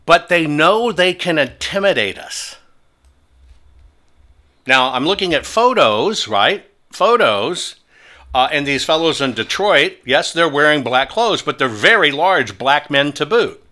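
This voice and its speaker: A man hosting a talk show, telling stories in a forceful, taunting manner. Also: on the high side, very animated, a little slow. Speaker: host.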